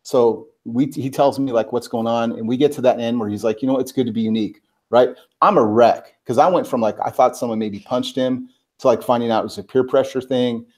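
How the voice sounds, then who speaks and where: A man, a guest on a talk show, telling a personal story in casual, animated talk, full of filler words and acted-out quotes. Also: medium pitch, a little fast. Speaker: guest, personal branding expert.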